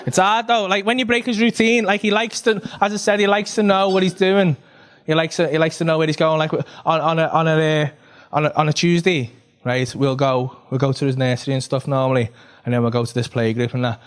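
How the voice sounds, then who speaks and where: A man's voice: a little high, steady tone, brisk. A man doing stand-up, telling a rambling, sweary story and checking in with "right?" every few lines. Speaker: stand-up comedian. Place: comedy club stage.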